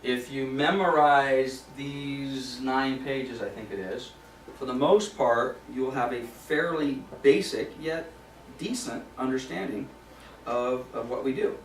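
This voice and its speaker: A man's voice: medium pitch, takes it slowly, recorded from a distance, a little hiss or hum. A man presenting a property management training class in a casual, conversational way, often checking in with "okay?". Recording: roomy sound from off mic.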